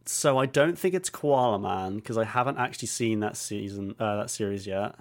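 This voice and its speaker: A man's voice: on the low side, moderate pace. A man in casual podcast chat, joking and laughing into his lines. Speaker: podcast co-host.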